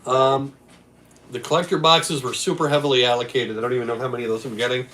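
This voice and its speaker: A man's voice: medium pitch, flat delivery, fast, pushed and bright, poor audio. A man who runs a game store, hosting a casual stream about a game league with a laid-back, rambling way of talking. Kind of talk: casual chat.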